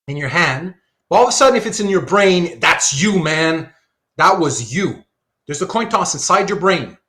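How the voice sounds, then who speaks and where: A man's voice: a little high, normal speed. Guy teaching philosophy online, bouncy up and down voice, keeps asking the class questions. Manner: animated, rhetorical questions, thinks aloud while drawing. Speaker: philosophy lecturer. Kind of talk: live online lecture.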